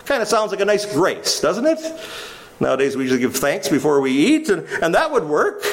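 A man preaches a sermon, teaching by posing questions to his listeners and then answering them himself. His voice is high with big swings in pitch, and he speaks briskly.

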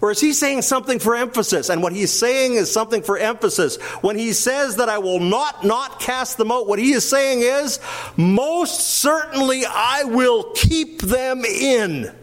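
An older man preaching a sermon, animated, swinging between emphatic raised passages and quiet asides. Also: very high-pitched, brisk, few pauses. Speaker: pastor.

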